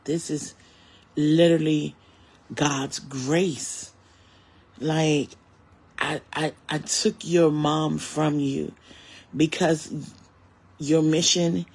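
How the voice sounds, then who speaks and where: Gravelly, husky man in his forties. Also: on the high side, takes it slowly, pauses often. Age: 40s. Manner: earnest, faith-filled, speaks to viewers directly. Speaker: comedian. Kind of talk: personal reflective monologue.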